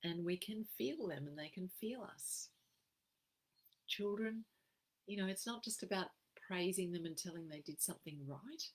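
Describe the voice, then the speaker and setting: An Australian woman giving an expressive, emphatic live-streamed wellbeing talk as a program facilitator. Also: on the low side, moderate pace, breathy edge, poor audio. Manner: expressive, emphatic, acts out quoted phrases.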